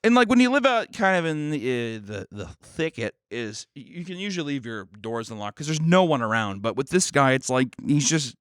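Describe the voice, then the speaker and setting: A young man co-hosting a podcast, telling a story in a casual, animated way, swearing freely and acting out quotes. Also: medium pitch, a little fast, hardly any pauses, clear, resonant tone, no echo, clean studio sound. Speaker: podcast co-host.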